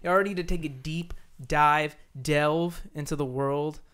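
Joking young man with a higher voice. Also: fairly even intonation, measured pace, a bit bright, a little hiss or hum. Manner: joking, playful. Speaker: podcast co-host. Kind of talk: casual chat.

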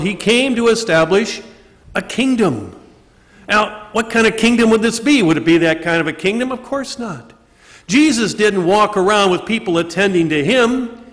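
High-voiced priest preaching in an echoing church. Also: male voice, fairly bright tone. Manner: rhetorical questions answered himself, slow emphatic stresses. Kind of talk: sermon. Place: church during Mass. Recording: long reverb of a church.

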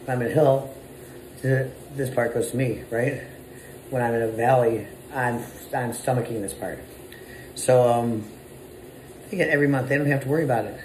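A man of mid-range pitch talks like a business owner, blunt and profane, and keeps it conversational. His voice bounces around a roomy, echoing space with a faint hiss behind it. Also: fairly even intonation, moderate pace, pauses often, a little mellow. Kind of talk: casual motivational monologue.

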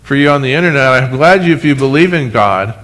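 Animated pastor preaching to his church. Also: mid-range voice, fast talker. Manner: animated preaching with asides and humor, addressing the congregation. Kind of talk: sermon. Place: church sanctuary, recorded for live stream.

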